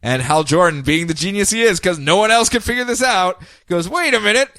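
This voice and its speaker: A man co-hosting a podcast, casually recapping comic book stories in a jokey, animated way and dropping into silly voices. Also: sits high, a little fast, dry recording. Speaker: podcast co-host.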